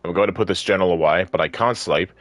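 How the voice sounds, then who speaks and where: A young man with a very low voice, casually streaming a narrative game. He reads lines and journal entries aloud himself, drops jokes and curses, and laughs at the story. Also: quick pace, fairly bright tone, dry recording. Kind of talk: casual gameplay commentary and reading dialogue aloud.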